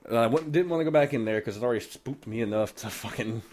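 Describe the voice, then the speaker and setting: A man casually telling a story on a podcast, animated and full of cursing. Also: medium pitch, fast talker. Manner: profane, animated, heavy cursing. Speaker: podcast host.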